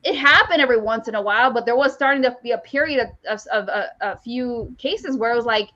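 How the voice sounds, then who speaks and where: A woman co-host with a fairly high voice tells a personal story, repeating herself for emphasis. The sound is a bit dull and lo-fi. She talks in a casual, animated way. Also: fast talker. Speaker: podcast co-host. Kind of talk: casual chat. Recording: dull lo-fi audio.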